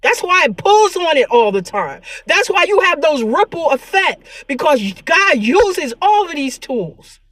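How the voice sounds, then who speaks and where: A woman vlogger with a high voice speaks in an earnest, preachy monologue and repeats her points. She sounds tearful, and the recording is close and dry with no room sound. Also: sing-song, measured pace, hardly any pauses, a bit bright, no room sound. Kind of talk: emotional spiritual vlog monologue.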